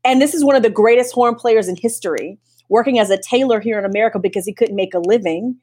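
A woman novelist talking casually about her writing process, animated, laughing often and restarting sentences. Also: medium pitch, fast, husky.

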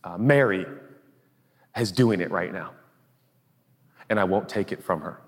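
A male pastor preaching a sermon in an animated, jokey, conversational way. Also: deep voice, a little slow. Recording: long echoey hall reverb.

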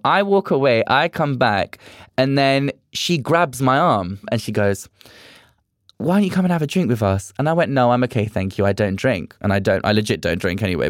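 Young guy telling stories on a podcast, animated, does all the voices, dry sound. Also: medium pitch, no room sound. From England. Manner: animated, acts out quoted dialogue. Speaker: podcast guest, drag performer. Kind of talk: casual storytelling chat.

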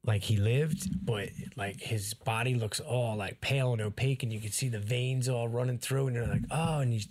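A man's voice: medium pitch, moderate pace, no room sound. A man telling crude stories in casual podcast chat, acting out the people in them. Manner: profane, animated storyteller, acts out voices.

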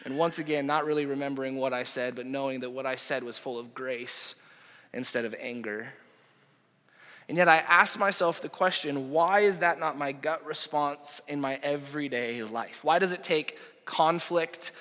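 A young adult man, a pastor preaching a sermon, impassioned, rising to loud peaks and dropping to near whispers. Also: on the high side. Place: church auditorium. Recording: echoey hall reverb.

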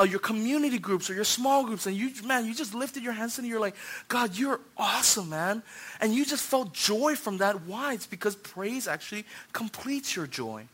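High, bright-voiced young pastor preaching. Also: male voice. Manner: animated, acts out voices, swings from hushed to shouting. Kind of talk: sermon.

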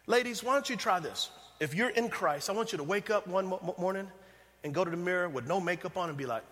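A male pastor preaching a sermon, talking straight to the congregation and swinging between loud emphatic passages and hushed, tender ones. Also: sits high, animated, fast talker, big-room sound. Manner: addresses the congregation directly.

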